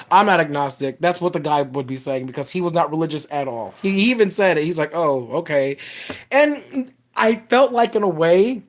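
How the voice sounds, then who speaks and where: Blunt, swearing woman movie reviewer. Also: deep voice. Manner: blunt, profane, rambling storytelling. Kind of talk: casual spoiler review monologue.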